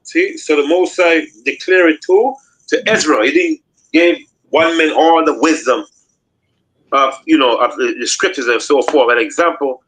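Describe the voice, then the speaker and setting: A man joining a scripture study discussion, hesitant and halting at times. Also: a little high, fairly bright tone, slightly rough, low-quality recording.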